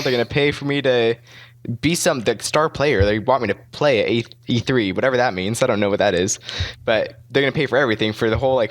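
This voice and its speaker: A man's voice: medium pitch, fairly bright tone, no room sound. Matter-of-fact man on a dry mic. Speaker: podcast co-host. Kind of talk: casual chat.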